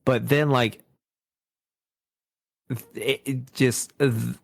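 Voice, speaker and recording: A man's voice: mid-range voice, extremely slow, gravelly, dry recording. Laughing man retelling a cartoon, dry sound. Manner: laughing, animated retelling with quoted voices. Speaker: podcast host. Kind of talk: casual chat.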